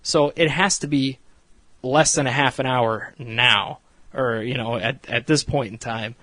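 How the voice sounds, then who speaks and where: A man's voice: mid-range voice, unhurried, pushed and bright, dry recording. A man casually recapping a reality show episode, rambling and swearing freely with frequent laughs. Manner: rambling, profane, laughs often.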